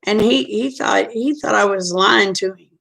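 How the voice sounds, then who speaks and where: A woman's voice: medium pitch, moderate pace, gravelly, a bit bright. A middle-aged woman telling a personal story in a frank, chatty way. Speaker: vlogger. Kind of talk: casual storytelling.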